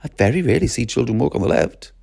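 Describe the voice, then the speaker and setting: A middle-aged man giving an expressive, lively training talk to teachers, acting out classroom voices as he goes. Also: mid-range voice, rapid-fire, vocal fry, no room sound, studio quality.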